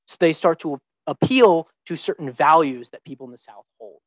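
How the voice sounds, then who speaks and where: A man's voice: on the high side, expressive, moderate pace, dry recording, low-quality recording. A young man giving an informal talk to students as a teaching fellow, thinking aloud with many ums and restarts. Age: young adult. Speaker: visiting teaching fellow presenting.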